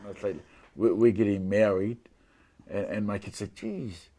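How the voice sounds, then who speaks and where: An older man, talking in an interview in a halting way, often repeating words and saying "you know". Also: on the low side, fairly even intonation, dark tone. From New Zealand. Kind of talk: conversational interview.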